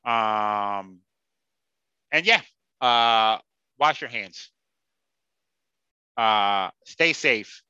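A man hosts a casual sports podcast and rants bluntly, swearing freely. His voice is very bright and cutting. It is recorded close and dry, with a slightly dull, lo-fi sound. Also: on the low side, lively intonation, very slow, long pauses, clean tone, no echo. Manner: blunt, profane and heated. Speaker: podcast host.

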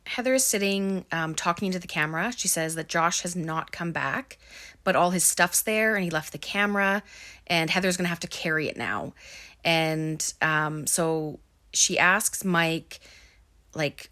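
A woman's voice: deep voice, measured pace, a bit bright. A woman casually recapping a film, talking with lots of fillers. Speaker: movie recap host.

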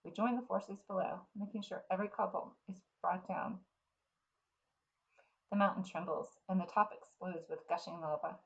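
A woman reading a fantasy novel aloud in the first person, in an earnest, unhurried way. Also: mid-range voice, steady tone, muffled recording. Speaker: reader.

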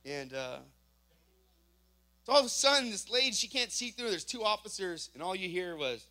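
Animated man telling a testimony story. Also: high-pitched, normal speed. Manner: animated storyteller acting out dialogue. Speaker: church member giving testimony. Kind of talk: spoken testimony to a congregation.

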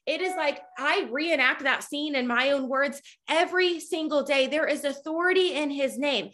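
A woman in her thirties giving a fervent, preachy faith talk to her followers, at times nearly yelling. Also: high voice, normal speed, few pauses. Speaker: Christian speaker. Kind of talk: impassioned faith talk to a social media audience.

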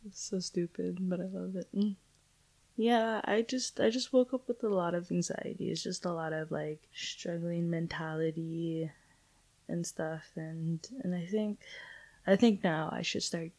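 Young woman, casual solo podcast, rambling and chatty, lowish voice, lots of "like". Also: fairly even intonation, moderate pace, a little mellow. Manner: rambling and chatty, heavy use of "like", casual swearing. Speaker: podcast host.

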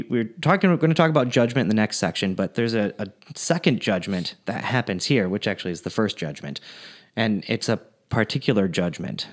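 Chatty man telling a faith story. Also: fairly low pitch. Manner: relaxed, chatty, with many fillers and restarts. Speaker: podcast co-host. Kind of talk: casual faith discussion and storytelling.

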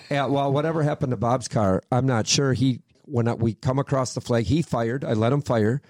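A man from Minnesota, a sprint car driver guesting on a podcast, telling animated stories in casual chat and swearing freely. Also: mid-range voice, moderate pace, few pauses, no echo. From Minnesota, USA. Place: studio.

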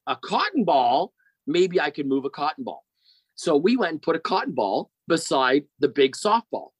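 A middle-aged man tells a long personal story as a podcast guest. His voice sits a little high for a man, and the sound is dry and close with no room echo. He rambles in a loose way and keeps checking in with his listener. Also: a bit bright. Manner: rambling, often checks in with "right?".

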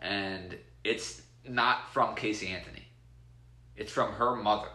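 A man chats casually, swearing freely and acting out quotes with sudden loud jumps. His voice is bright and forceful. The room around him rings with echo. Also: fairly low pitch, a little slow, a little hiss or hum. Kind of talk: casual chat.

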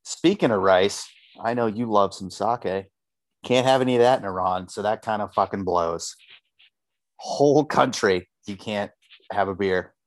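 A man's voice: on the low side, measured pace, no echo. A man co-hosting a podcast, chatting loosely about a TV episode and swearing freely. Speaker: podcast co-host. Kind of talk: casual chat.

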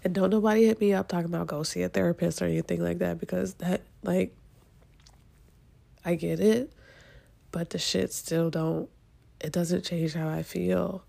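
A woman hosting her own podcast pours out her frustration while close to tears. Her congested voice is dark and mellow with a steady gravelly fry. She talks in halting bursts full of swearing and restarts. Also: fairly low pitch. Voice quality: congested from sinus trouble. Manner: halting, profane and frustrated, with many restarts and trailing pauses. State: near tears. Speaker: podcast host. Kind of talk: emotional solo podcast venting.

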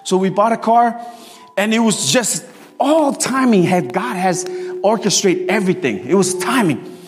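A man preaching a sermon in a church, telling stories with lively energy and bursts of shouting. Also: sits high, normal speed, big-room sound.

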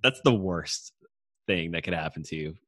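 Deep-voiced young man, teasing and laughing. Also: lively intonation, normal speed, bright, forceful tone, no room sound, clean studio sound. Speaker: podcast co-host. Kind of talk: casual sports chat.

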